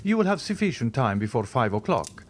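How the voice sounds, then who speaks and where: A man reading the part of a mysterious, reserved count who speaks in a measured, sighing way. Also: medium pitch, sing-song, slight background noise, natural voice.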